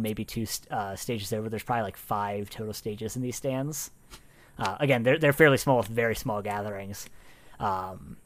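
A man running a tabletop game as its game master. He narrates in stop-start bursts, restarting his sentences and padding them with fillers. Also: mid-range voice. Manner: halting, lots of fillers and restarts.

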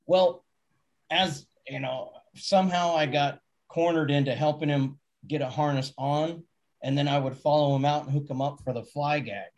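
In a casual chat, a touring stagehand tells backstage stories from the road, laughing often and acting out quotes. His voice is fairly high-pitched, a little mellow, at a normal pace.

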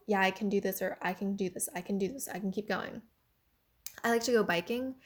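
Chatty young woman giving a pep talk. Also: mid-range voice. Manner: chatty, frequent "like" and "you know" fillers. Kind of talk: casual motivational monologue.

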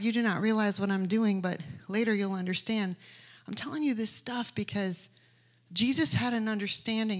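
A woman preaching a sermon, telling stories animatedly and rising to emphatic declarations. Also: mid-range voice.

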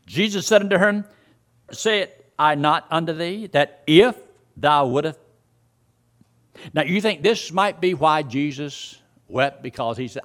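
A man's voice: medium pitch, lively intonation, a little slow, fairly bright tone. A man preaching a sermon, reading scripture verses aloud and explaining them to his listeners. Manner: reads scripture aloud and explains it, voice rising and dropping sharply.

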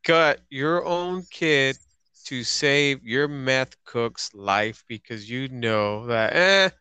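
Guy guesting on a movie podcast, loose and sweary, smooth clear voice, dry close mic. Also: mid-range voice, slow, sharp tone, no room sound. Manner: loose, swearing, with restarts and fillers. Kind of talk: casual movie review chat.

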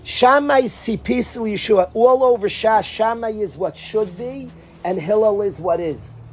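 Animated male rabbi telling stories. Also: measured pace, slight background noise. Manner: animated storyteller, acts out dialogue with big pitch jumps. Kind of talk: informal Torah talk.

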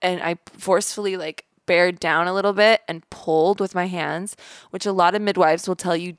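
An animated woman recounts a personal story, slipping into the voices of the people she quotes. Her voice sits a little low for a woman, and the recording is dry and close, with no room sound. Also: normal speed, smooth, no room sound. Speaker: podcast guest. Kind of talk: casual storytelling interview.

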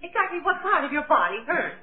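Very high, swooping, tearful wife in an old tinny radio comedy. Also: female voice, sing-song, quick pace. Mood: melodramatic weeping. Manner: melodramatic, gushing and sobbing. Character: fussy doting wife, overwrought and tearful. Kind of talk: 1940s radio comedy acting.

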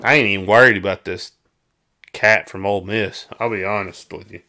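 A man from South Arkansas with a Southern accent, co-hosting a casual sports chat and ranting in an animated, exclamatory way. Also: on the low side, moderate pace. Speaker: sports podcast co-host.

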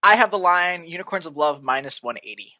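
Bright, dry-sounding playful podcast co-host. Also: medium pitch, lively intonation, fairly quick, dry recording. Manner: playful, jokey. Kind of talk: casual esports betting chat.

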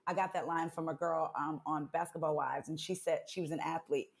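A woman guest on a podcast, talking in a casual, earnest way with hesitant pauses. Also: deep voice, steady tone.

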